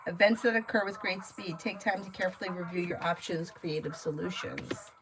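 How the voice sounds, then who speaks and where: A woman doing live tarot readings, chatty and laughing, reading card meanings in quick bursts. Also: on the low side, steady tone, music in the background, rough recording. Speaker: tarot reader.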